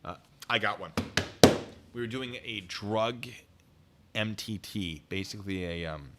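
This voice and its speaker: A man's voice: fairly low pitch, measured pace, very noisy. A young adult man casually telling funny stories from his time as a military police officer, acting out the voices of the people in them. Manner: animated, acts out quoted voices; self-described deadpan humor. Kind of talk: casual storytelling chat.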